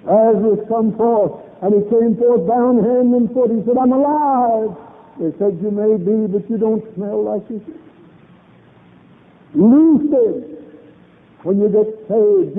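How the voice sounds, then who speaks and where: A man's voice: high-pitched, fairly even intonation, normal speed. A man preaching a revival sermon, fervent and emphatic, repeating lines for emphasis. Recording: tinny old lo-fi recording.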